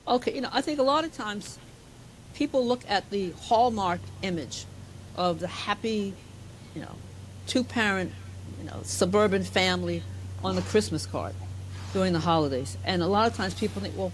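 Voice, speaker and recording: Animated female co-host. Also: medium pitch, a little hiss or hum, rough recording. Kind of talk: conversational interview.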